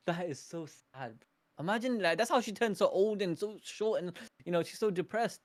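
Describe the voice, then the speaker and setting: A man hosting a live manga reaction, reading the panels aloud and breaking in with slangy, excitable asides and frequent laughter. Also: high voice, normal speed. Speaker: anime reaction streamer.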